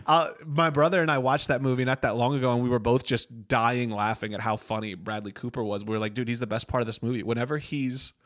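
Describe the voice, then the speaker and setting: A man's voice: mid-range voice, fairly even intonation, quick pace, few pauses, a bit bright, no echo, studio quality. A man in casual podcast chat about comedy films, animatedly retelling movie scenes, laughing and acting out the lines.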